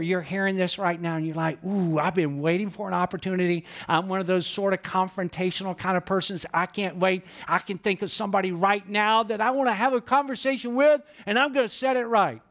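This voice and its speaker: A man's voice: high-pitched, fairly even intonation, fairly quick, few pauses, fairly bright tone. A man preaching a sermon, telling stories with acted-out quotes and light humor. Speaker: pastor.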